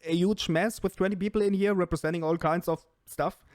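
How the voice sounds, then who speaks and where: A man's voice: high-pitched, fairly even intonation, fairly quick, darkish tone, dry recording, clean studio sound. A man hosting a casual group call, asking questions in a playful, teasing way. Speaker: host. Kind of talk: casual chat.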